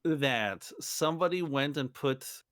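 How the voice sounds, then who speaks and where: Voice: mid-range voice, lively intonation, slow pace, a bit bright, no room sound, studio quality. A playful, joking co-host in casual chat on a live stream. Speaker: podcast co-host.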